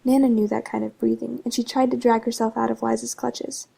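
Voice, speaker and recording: Brief: quiet woman narrator, husky and flat, reading a bedtime story. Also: fairly high pitch, brisk. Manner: hushed, partly whispered. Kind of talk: soft-spoken storybook reading.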